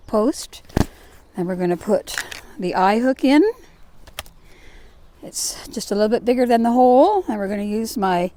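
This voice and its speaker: A woman's voice: medium pitch, dark tone. Chatty older Scottish woman rambling outdoors. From Scotland. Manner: chatty, rambling, self-deprecating. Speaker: gardening vlogger. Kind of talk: casual commentary while working.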